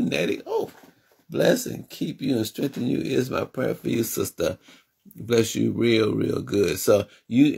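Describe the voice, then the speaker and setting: A man with a gravelly, husky voice hosts an inspirational radio sermon. He fervently repeats short affirmations and speaks straight to his listeners. His pitch sits in the middle for a man. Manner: fervent, repetitive affirmations, talks directly to listeners. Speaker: radio show host.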